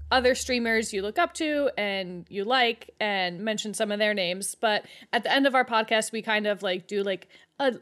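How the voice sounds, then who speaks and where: A woman hosting a podcast, asking rambling, relaxed questions. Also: medium pitch. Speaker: podcast host.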